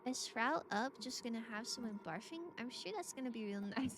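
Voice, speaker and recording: A woman's voice: a little high, normal speed, vocal fry, few pauses, background noise. A woman streaming a game, chatting casually with viewers in a playful, giggly way. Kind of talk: casual gameplay chat.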